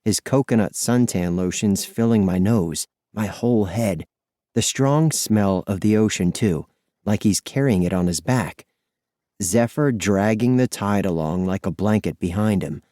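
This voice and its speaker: Low, warm male audiobook narrator. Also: unhurried, no room sound, studio quality. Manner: lively, expressive, breathless storytelling. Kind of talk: scripted first-person audiobook narration.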